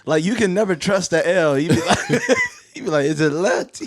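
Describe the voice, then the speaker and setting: A man's voice: sits high, measured pace, slightly rough, no room sound, clean studio sound. A young man co-hosting a casual comedy podcast, telling stories with quoted voices and laughing often. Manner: animated storytelling with quoted voices and lots of laughing. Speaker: podcast co-host.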